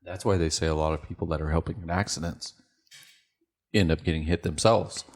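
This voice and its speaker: A man chatting on a podcast, calmly explaining a point to his friends. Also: a bass voice, fairly quick. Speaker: podcast co-host. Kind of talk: casual chat.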